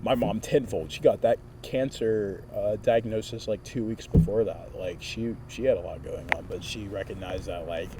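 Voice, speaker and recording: With a voice on the low side, a man in his twenties, a vlogger, animatedly recounts a story to a friend, voicing other people's quotes. He keeps a moderate pace with few pauses, and the distant mic picks up clear noise.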